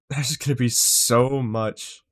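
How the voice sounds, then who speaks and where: A man's voice: medium pitch, steady tone, drawn-out words, fairly bright tone. A man streaming live, muttering to himself and apologizing to his chat while he fights with his stream setup, swearing in exasperation.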